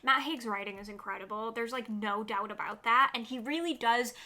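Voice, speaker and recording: A woman chatting about the books she can't wait to read, her voice bright and a touch high. She gushes and stays upbeat, and she fills her talk with "like" as she runs through her list. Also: fairly quick. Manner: gushing, upbeat, peppered with "like". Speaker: book vlogger. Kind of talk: casual chatty book rundown.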